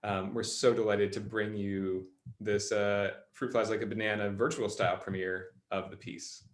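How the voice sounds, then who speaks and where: A man's voice: fairly low pitch, level tone, moderate pace. An upbeat man hosting a live virtual show over a video call, introducing acts and giving cues. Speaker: performer and host. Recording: echoey room with music behind.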